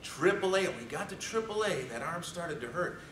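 A man from Chicago giving an animated, joking competition speech to an audience in a large hall. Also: fairly high pitch, fairly quick, a little hiss or hum. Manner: animated storytelling with jokes. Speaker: speech contest contestant. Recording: echoey hall from far off.

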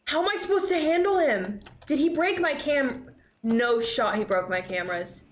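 This is casual gameplay talk from a young woman streaming a horror game, her high-pitched voice expressive and moderately paced. She swears and laughs in shrieks when startled. Faint noise and echo fill the room.

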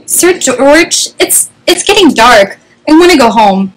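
Woman voicing a gentle little boy dragon, wistful, plaintive, higher voice, storybook. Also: very animated, unhurried, noisy background.

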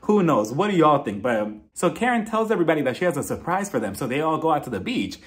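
Animated, gossipy young man reviewing reality TV. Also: fairly high pitch, fast talker. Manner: animated, gossipy, laughing often, acts out quotes. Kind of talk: casual commentary vlog.

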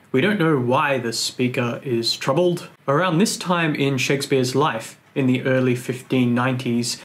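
An Australian man narrates a scripted lesson on poetry at a middling pitch. His delivery is clear and measured, with a dry, lightly joking tone. He sounds like a tutor walking students through a text. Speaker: English tutor explaining poetry.

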